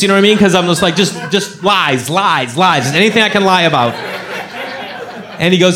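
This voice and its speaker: A man's voice: sits high, expressive, a little fast, fairly bright tone. A man doing stand-up on a club stage, telling a rambling self-mocking story full of "you know" fillers. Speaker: stand-up comedian.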